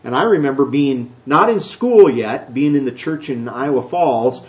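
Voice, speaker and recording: A man's voice: medium pitch, normal speed. A middle-aged man preaching a conversational sermon in church. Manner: conversational, animated, acts out children's voices. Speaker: pastor. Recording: dull lo-fi church recording.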